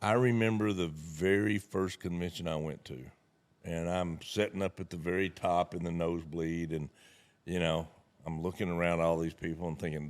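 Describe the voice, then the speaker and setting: A man's voice: sits low, steady tone, normal speed. A middle-aged man, telling folksy stories in a casual conversation and acting out the people he quotes. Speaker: network marketing leader, guest speaker.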